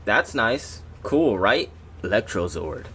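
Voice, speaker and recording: A man's voice: lowish voice, very animated, slow pace, sharp tone, a little hiss or hum. A man doing a casual toy review, rambling and breaking off into jokey asides to his viewers.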